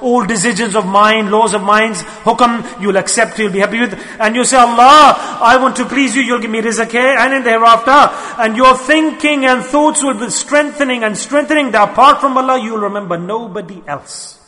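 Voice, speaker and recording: A man's voice: extremely high pitch, moderate pace, hardly any pauses, sharp tone, big-room sound. A man teaching his Sufi students in an earnest sermon, repeating his key phrases.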